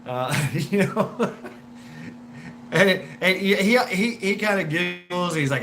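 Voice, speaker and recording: A man's high-pitched, animated voice comes across pushed and bright yet unhurried, on poor audio with a little hiss or hum. Hosting a casual livestream, he rambles, stammers, and swears a lot answering viewer comments in a wheezy smoker's voice.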